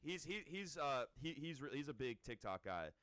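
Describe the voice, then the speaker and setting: Young man, podcast co-host, casual rambling chat, clear dry voice. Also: mid-range voice, sing-song, fairly bright tone, no echo. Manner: rambling, quick restarts, mocking impressions.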